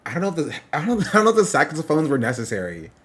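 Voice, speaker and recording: A young man commenting on clips during a casual live stream, halting and wry, often breaking off mid-sentence. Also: a little high, wildly swooping pitch, fairly bright tone. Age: young adult. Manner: halting, self-interrupting, wry asides.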